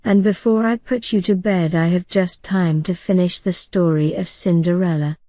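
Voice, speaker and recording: A proper little girl who fusses like a mother speaks in a gentle, unhurried way, voiced by a woman reading a bedtime story. Her tone is mellow and soft, recorded close and dry. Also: lowish voice, fairly even intonation, no room sound, lightly acted. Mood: motherly.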